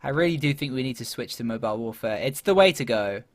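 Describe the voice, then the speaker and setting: A man's voice: mid-range voice, expressive, fast talker. A man giving casual, chatty commentary while playing a strategy game, thinking aloud with plenty of fillers and laughing at himself. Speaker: gaming YouTuber.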